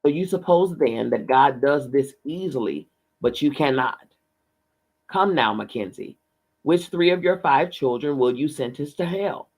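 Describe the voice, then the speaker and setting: A man reading aloud, voicing a calm, wise female spirit guide who questions gently and patiently. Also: fairly high pitch, measured pace, poor audio. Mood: probing. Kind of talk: audiobook reading.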